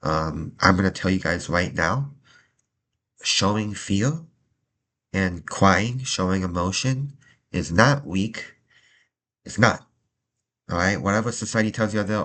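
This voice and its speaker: A young man talking earnestly to the camera from a small room, halting, restarting and repeating himself. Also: sits low, fairly bright tone. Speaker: vlogger. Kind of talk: personal talk to camera. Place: small room indoors, adjusting his lighting.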